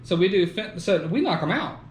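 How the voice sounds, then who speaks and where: A man's voice: high voice, sing-song, brisk. A man hosting a podcast, talking casually and laughing often, with the odd swear word. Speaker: podcast host. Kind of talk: casual chat. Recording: echoey room with faint noise.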